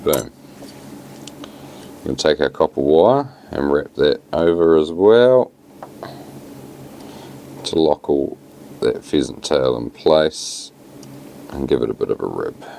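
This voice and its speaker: A man with a New Zealand accent talking casually through a fly tying tutorial, relaxed and plain-spoken with many fillers. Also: very deep voice, takes it slowly, gravelly, pauses often, a little hiss or hum.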